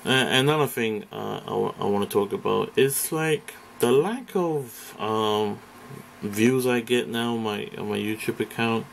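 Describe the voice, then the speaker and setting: A man's voice: on the low side, measured pace, gravelly, a little hiss or hum. A man from Britain ranting in a casual vlog, profane and rambling, hesitating often. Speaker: vlogger. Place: indoors, face off camera.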